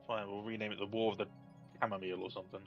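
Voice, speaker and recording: A man's voice: lowish voice, little pitch movement, very fast, highs cut off, soft background music. A British man chatting and teasing friends during an online strategy game. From Britain. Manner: teasing, jokey. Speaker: friend in a group game stream. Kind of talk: casual chat with friends.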